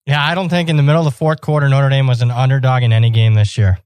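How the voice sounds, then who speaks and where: A man on a sports betting panel who answers questions plainly and is quick with figures and stats. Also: mid-range voice, steady tone, darkish tone, no room sound. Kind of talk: sports betting roundtable chat.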